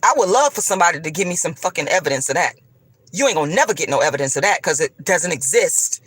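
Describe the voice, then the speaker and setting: A woman's voice: deep voice, animated, fast talker, husky, no echo. A woman vlogger delivering a profane, combative, preachy rant straight to her viewers. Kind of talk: ranting monologue to camera.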